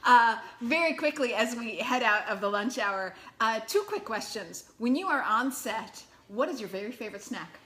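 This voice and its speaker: A woman hosting a casual dinner interview, reacting and asking quick questions. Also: fairly high pitch, expressive, a bit bright. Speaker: host.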